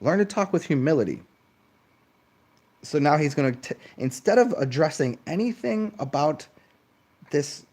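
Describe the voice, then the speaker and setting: A channel host rants through a casual monologue, animated and profane, swearing freely. He mocks others by mimicking them in high, exaggerated voices.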